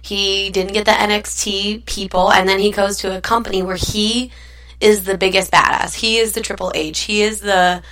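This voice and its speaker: A woman's voice: mid-range voice, flat delivery, normal speed, fairly bright tone. A woman co-hosting a casual podcast, arguing her side firmly. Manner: argumentative, stands her ground. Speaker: podcast co-host. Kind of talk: casual wrestling chat.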